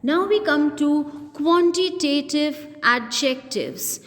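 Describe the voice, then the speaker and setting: A woman teaching an English grammar lesson, explaining slowly and repeating her example sentences. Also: high-pitched, big-room sound.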